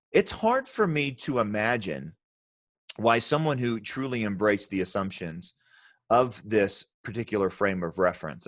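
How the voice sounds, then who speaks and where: A man's voice: lowish voice, fairly bright tone, no room sound, studio quality. A man hosting a podcast discussion, emphatic and thinking aloud as he talks. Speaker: podcast host. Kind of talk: casual discussion.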